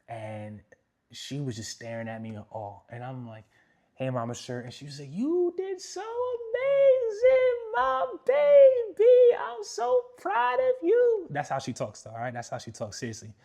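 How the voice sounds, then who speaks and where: A young man from New York, a motivational speaker, telling his life story in a casual Q&A with animated, slangy emphasis. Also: mid-range voice.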